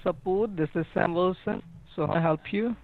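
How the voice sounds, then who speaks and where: A man's voice: sits high, normal speed, gravelly, faint music behind. A man answering as a support agent, hesitant and confused by the caller's questions, heard over a phone line. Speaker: call center agent. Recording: tinny phone line with faint noise.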